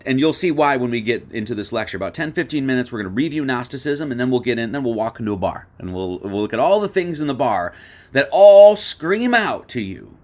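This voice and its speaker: A man's voice: medium pitch, expressive, a little fast, a little mellow. A man hosting an online Sunday service, talking loose and chatty, with many fillers and restarts. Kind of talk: casual spoken sermon and lecture.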